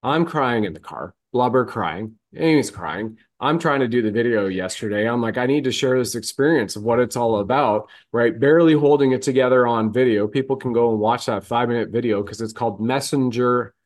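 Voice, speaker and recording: A man's voice: medium pitch, a little fast, hardly any pauses, a little mellow. A man in casual podcast chat, telling a moving story earnestly, his voice catching as he fights tears.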